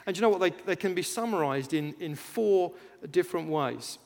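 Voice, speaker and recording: A man preaches a lively sermon, his voice sitting a little high for a man. He rises in volume and pitch to make a point and acts out lines for effect. A long reverb from the hall trails behind every phrase. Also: normal speed, vocal fry. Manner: animated, rises loud for emphasis, acts out chants, laughs at himself.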